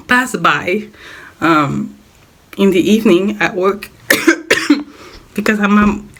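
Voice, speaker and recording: A sick young woman vlogging a casual life update in a hoarse, raspy voice, coughing often, rambling and repeating herself. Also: mid-range voice, a bit bright. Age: young adult. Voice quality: raspy, smoker-like voice. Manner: rambling, repeats words, apologizes.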